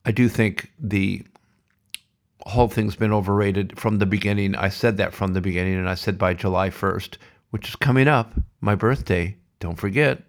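A man's voice: on the low side, moderate pace. A middle-aged man hosting a podcast, delivering a blunt, sardonic, ranting monologue. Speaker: podcast host.

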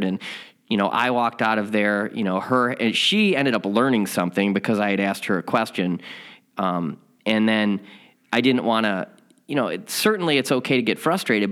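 A man's voice: medium pitch, a bit bright. A man teaching a spiritual lesson, telling a candid story in a rambling, self-mocking way before reading the day's lesson.

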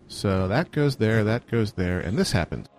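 Teasing male radio host, animated voice. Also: lowish voice, loud music behind the voice. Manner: teasing, quick banter. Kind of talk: casual chat.

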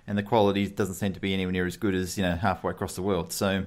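Australian man, podcast host, a bit low-pitched, chatty, laughs a lot, lots of ums. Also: flat delivery, racing. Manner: chatty, laughs often, fills with ums and uhs. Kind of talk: casual interview over Skype. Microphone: remote call recording.

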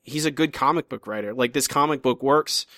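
Halting man in dry close recording. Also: mid-range voice, fairly bright tone, no room sound. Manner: halting, trails off and restarts, teasing. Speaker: podcast co-host. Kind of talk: casual chat reviewing comics.

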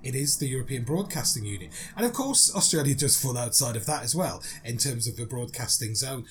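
A man co-hosting a podcast in casual chat, talking in a lively way and laughing often. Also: mid-range voice, brisk, soft background music. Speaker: podcast co-host.

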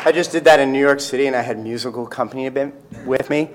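A man's voice: medium pitch, fast talker, some chatter behind, slight background noise. Man, author at a reading, casual, joking, self-deprecating asides. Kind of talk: casual talk to a live audience.

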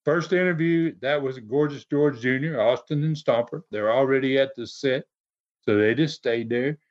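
A man's voice: medium pitch, normal speed. A man casually recounting stories, rambling and dropping "man" and "uh" between phrases. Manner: rambling, peppers lines with 'man' and 'uh'. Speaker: storyteller recounting wrestling TV. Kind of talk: casual storytelling chat. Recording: dull lo-fi audio.

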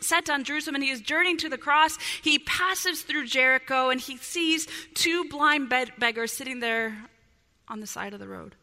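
A woman's voice: high-pitched, pushed and bright. A woman pastor preaching a sermon with fervor, swinging from urgent pleas down to near whispers. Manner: impassioned, rising to fervent pleas then dropping to near whispers. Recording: long hall reverb.

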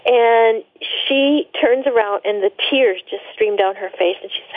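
A woman tells her own story as a guest on a radio show, in an earnest, halting way with frequent restarts. Her voice sits a little high. It comes over a tinny phone line with no room sound at all. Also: no room sound. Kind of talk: personal testimony in a radio interview.

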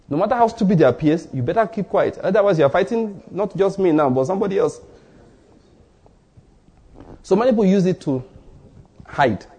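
A man preaching a sermon as pastor, telling stories and acting out short exchanges, with sudden rises in pitch for emphasis. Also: lively intonation, brisk, long pauses, warm tone, slightly rough. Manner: storytelling, acts out dialogue in asides.

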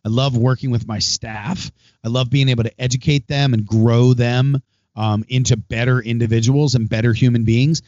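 A man's voice: mid-range voice, fairly even intonation, normal speed, darkish tone, no echo. Middle-aged male host, chatty and rambling, dry slightly dull recording. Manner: chatty, rambling, acts out phone calls. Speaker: podcast host and restaurant owner. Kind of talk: casual monologue.

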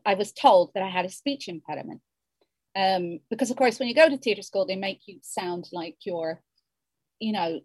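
A woman's voice: medium pitch, breathy edge, no echo. A woman in her fifties, a novelist, musing in a rambling interview with many restarts. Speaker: novelist guest. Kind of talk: reflective interview conversation.

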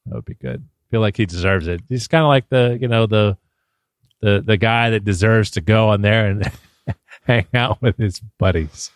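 A man's voice: fairly low pitch, moderate pace, clean tone, no echo, clean studio sound. A man co-hosting a podcast, telling a story in casual chat with stammering restarts and laughs. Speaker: podcast co-host.

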